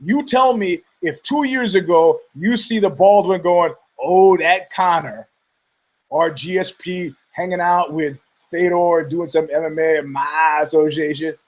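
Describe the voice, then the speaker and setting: A man's voice: a little high, low-quality recording. A male podcast host giving rambling, combative commentary, profane and heated, often stumbling over restarts.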